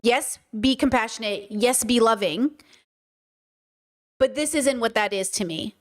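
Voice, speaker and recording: Woman host, livestream commentary, fairly high voice, heated and profane delivery. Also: a little slow. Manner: blunt, swears, rants heatedly; answers chat questions aloud. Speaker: streamer and podcast host.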